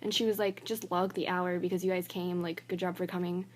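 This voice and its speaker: A woman's voice: on the low side, flat delivery, a little fast. A young woman, a college student, venting to her phone camera in a casual vlog, rambling and filling nearly every phrase with "like". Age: young adult. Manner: rambling, filler-heavy, says "like" constantly; annoyed and exasperated.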